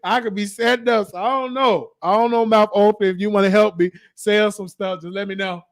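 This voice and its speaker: A man hosting a casual live-stream chat, animated and joking with frequent laughter, his voice worn from talking. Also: high voice, a little fast, no room sound, studio quality. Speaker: show host.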